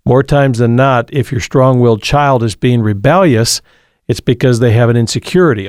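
A man's voice: mid-range voice, dry recording. Male call-in host, earnest counsel, dry close sound. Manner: earnest, advising, preacher-like. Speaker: radio show host. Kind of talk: call-in advice talk.

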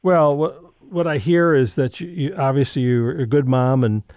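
A man's voice: medium pitch, moderate pace, darkish tone, no room sound, clean studio sound. A man hosting a radio call-in show and giving parenting advice in a conversational, rambling way with restarts.

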